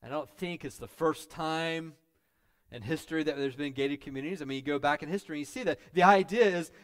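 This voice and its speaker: A man preaching a sermon as pastor, dropping to quiet asides and building to loud, emphatic peaks. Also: a little high, fast, clean tone.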